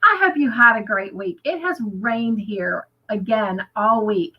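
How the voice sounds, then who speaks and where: A woman's voice: medium pitch, lively intonation, a little slow, husky, lo-fi sound. An American woman hosting a casual livestream chat, upbeat and chatty, reading viewer comments aloud. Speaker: livestream host.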